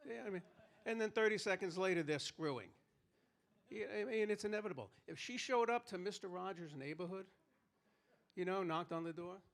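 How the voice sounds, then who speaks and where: A man works through a stand-up set on stage, telling stories and slipping into quick voices for the people in them. His voice sits a little higher than most men's. He speaks into a handheld stage mic. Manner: storytelling, acting out quoted characters. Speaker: stand-up comedian. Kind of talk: live stand-up routine. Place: live comedy stage. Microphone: handheld stage microphone.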